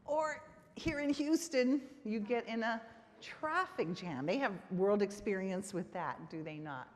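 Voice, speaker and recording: A woman's voice: medium pitch, unhurried. A woman giving a conference lecture on literacy teaching, engaging the audience with frequent "right?" checks. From Texas. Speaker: conference presenter on literacy instruction. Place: conference hall. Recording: reverberant hall.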